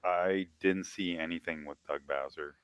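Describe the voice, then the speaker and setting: A man's voice: low-pitched, fairly even intonation, moderate pace, a bit bright, clear, resonant tone, no room sound. A man co-hosting a podcast, talking in a laid-back, dryly wry way. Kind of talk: casual chat.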